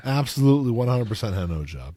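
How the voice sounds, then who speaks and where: Animated, rambling male podcast host. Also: mid-range voice, fast talker, no echo. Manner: rambling, stop-start phrasing. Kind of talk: casual chat.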